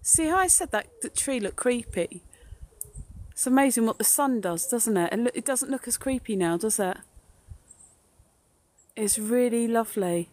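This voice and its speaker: This paranormal live streamer speaks in a slightly high, slightly mellow voice, animated and at a normal speed but with long pauses. She's outdoors on a ghost walk, streaming on her phone, chatting with viewers, cracking jokes and laughing frequently.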